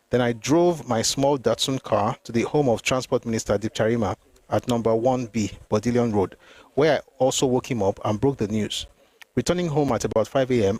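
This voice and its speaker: A man's voice: medium pitch, a little mellow, dry recording. Man reading history aloud. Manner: reads steadily, pauses to comment and reread. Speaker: history channel host. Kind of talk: reading a memoir aloud with commentary.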